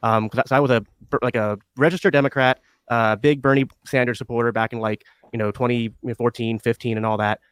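A man's voice: medium pitch, steady tone, brisk, hardly any pauses, a bit bright, clean tone, dry recording. A man on a podcast talking through his story with many hesitations and restarts. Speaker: podcast host. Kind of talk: conversational podcast interview.

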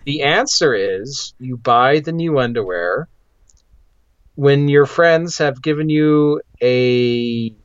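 Man podcast co-host, deadpan wry chatter, muffled lo-fi dry recording. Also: medium pitch, slow pace, smooth, dry recording. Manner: dry, wry humor, with fillers. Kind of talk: casual podcast chat.

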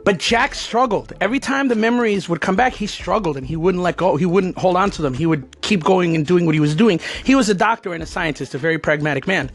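Man with a high voice, an ex-gator wrestler telling a wandering personal story straight to camera. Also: husky. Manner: rambling, digressive. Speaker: former alligator wrestler.

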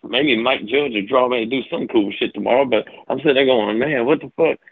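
A man's voice: mid-range voice, brisk, husky, no echo, narrow, tinny audio. A man calling in to a show, rambling, swearing and laughing nonstop as he talks. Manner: laughing constantly, profane and rambling. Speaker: caller. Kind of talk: casual phone call-in chat. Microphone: phone.

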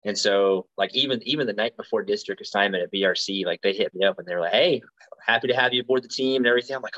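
A man in his thirties from Alabama talks through his recruiting days in a relaxed interview, winding through thoughts with fillers and restarts. His voice sits low. The recording sounds dull and lo-fi. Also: fast. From Alabama, USA. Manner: rambling, frequent fillers and restarts. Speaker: guest, Marine recruiter. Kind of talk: casual interview storytelling.

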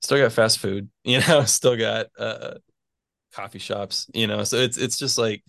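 A physics PhD student in his twenties chats casually as an interview guest, using a fairly low, creaky, fairly bright voice with a steady tone and measured pace. The recording is clean studio sound with no echo, and he rambles with many fillers and little chuckles between phrases.

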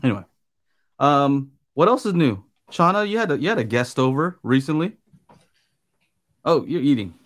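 Relaxed man hosting a chat show. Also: mid-range voice, normal speed, long pauses. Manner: relaxed, hesitant, many fillers. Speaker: podcast host. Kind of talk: casual chat.

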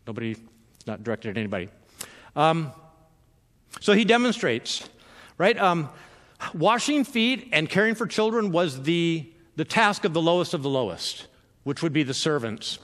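A man's voice: a little high, big pitch swings, normal speed, pauses often, a bit bright. Conversational male pastor in a reverberant hall. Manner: conversational, filler-heavy, self-interrupting with repeated words. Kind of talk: sermon.

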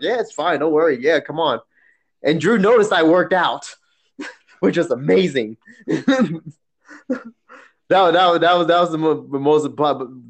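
A man co-hosting a casual chat, telling stories with frequent laughter. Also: a little high. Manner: laughing often, animated storytelling.

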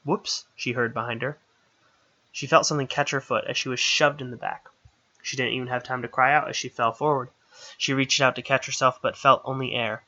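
A man narrating a fantasy audiobook in a steady, expressive storytelling manner. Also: medium pitch, dull audio.

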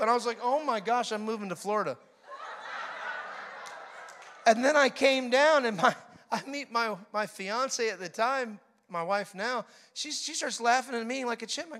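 Middle-aged man preaching, high-pitched and lively, acts out stories with funny impressions. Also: moderate pace, a little hiss or hum. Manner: animated storytelling, mimics laughter. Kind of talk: sermon.

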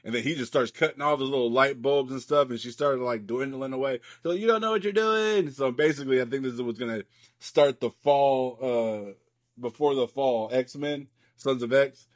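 A man's voice: mid-range voice, fairly even intonation, normal speed, no echo, studio quality. A man co-hosting a podcast, casually recapping a comic book in a loose, rambling way, swearing freely and leaning on lots of fillers. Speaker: podcast co-host.

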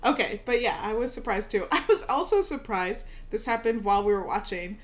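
A woman co-hosting a casual chat, talking in a lively way and laughing often. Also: mid-range voice, brisk. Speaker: podcast co-host.

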